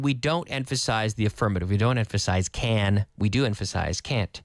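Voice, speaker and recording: A man's voice: fairly low pitch, normal speed, no echo, studio quality. A middle-aged man teaching English to learners in Spain, telling stories and acting out dialogue to demonstrate intonation. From English-speaking country, living in Spain. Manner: lively storytelling, acts out dialogue, hums intonation patterns. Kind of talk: explaining English pronunciation.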